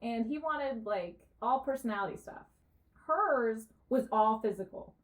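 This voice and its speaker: In a fairly high, unhurried voice, a woman co-hosting a podcast tells a story during relaxed chat. She's lively, breaks into laughter often, and doesn't hold back on swearing.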